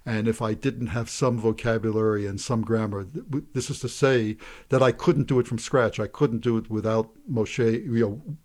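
A man's voice: medium pitch, moderate pace, darkish tone. A man, a poet and translator, talking through his translation work and introducing a poem, with stammered restarts. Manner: thoughtful, hesitant restarts. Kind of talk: interview and poetry reading.

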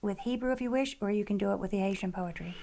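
A female interviewer speaking at an average pitch. She responds briefly and then invites her guest to read. Her manner is friendly and inviting. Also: fast talker, vocal fry, warm tone.

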